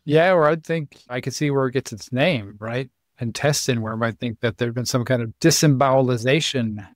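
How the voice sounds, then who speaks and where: A man's voice: medium pitch, moderate pace, no echo. A man hosting a podcast in casual chat, with dry, wry humor. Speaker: podcast host.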